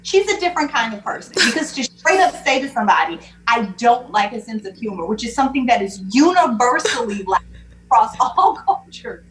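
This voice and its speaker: A woman guest chatting casually on a podcast, animated, acting out what others said. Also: a little high, brisk, soft background music, low-quality recording. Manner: animated, quotes people in acted voices. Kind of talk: casual chat.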